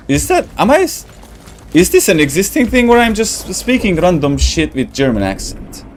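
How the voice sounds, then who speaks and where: A man's voice: medium pitch, wildly swooping pitch, normal speed, music in the background. A young man from Romania hosting a gaming livestream, chatting loosely with viewers, rambling, laughing often and groping for words. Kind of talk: casual chat with live viewers while playing.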